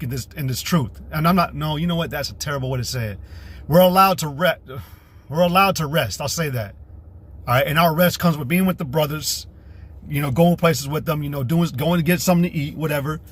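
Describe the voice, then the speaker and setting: A street preacher with a rather high, slightly bright and slightly rough voice delivers a profane, combative livestream sermon. He repeats himself and mocks women by imitating them in put-on voices.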